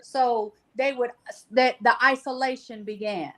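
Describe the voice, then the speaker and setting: A woman speaking on a podcast panel in a halting, casual way, with many restarts and fillers. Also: fairly high pitch, steady tone. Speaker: panel guest.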